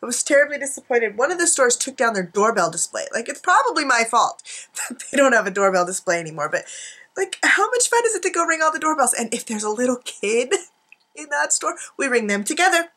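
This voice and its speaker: Woman, high voice, casual rambling chat, giggly asides, home craft desk, desk camera. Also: sing-song, fairly quick, sharp tone. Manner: chatty, giggly, self-mocking asides. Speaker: art journaling vlogger.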